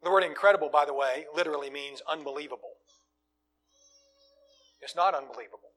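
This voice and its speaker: Preacher guy, fairly high voice, gets loud then drops way down soft. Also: a little fast. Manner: swings from loud emphatic lines to quiet low asides. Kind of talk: sermon.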